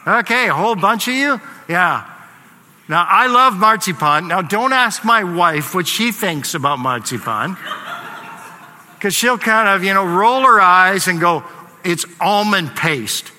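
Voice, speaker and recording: A man's voice: high voice, lively intonation, unhurried, pushed and bright. A man preaching a casual, conversational sermon to his congregation, with frequent fillers and asides. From Canada. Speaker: pastor. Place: church hall. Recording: long hall reverb.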